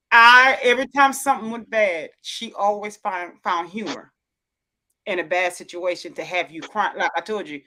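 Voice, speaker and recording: Bright-voiced woman telling a rambling story. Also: medium pitch, normal speed. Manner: rambling storyteller, many restarts, voices quotes. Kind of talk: casual storytelling chat on a livestream.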